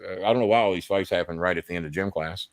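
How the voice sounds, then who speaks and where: Talking very fast in a low voice, a podcast host delivers long, profane, rambling stories on a live stream. The sound is dry, and his casual storytelling is animated.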